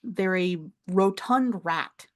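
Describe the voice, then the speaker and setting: A woman's voice: mid-range voice, slow pace, a little hiss or hum. A woman narrating as game master of a tabletop game in a casual, chatty way. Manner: casual, chatty, laughs between descriptions.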